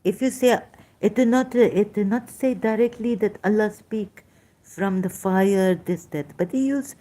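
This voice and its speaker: A woman giving an informal lecture, reading scripture verses aloud in halting, non-native English phrasing. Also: mid-range voice, warm tone. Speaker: religious critic presenting scripture.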